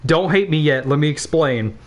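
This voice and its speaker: Young male streamer, about 19, slightly high voice, loose profane storytelling with laughing asides. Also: expressive, moderate pace. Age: young adult, about 19. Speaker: game streamer. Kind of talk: casual storytelling while gaming.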